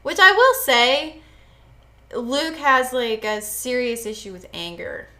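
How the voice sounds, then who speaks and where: A woman speaks slowly in a bright, forceful voice while co-hosting a podcast. She retells a book's plot casually, leaning hard on emphatic words and swearing freely. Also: on the high side, animated. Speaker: podcast co-host.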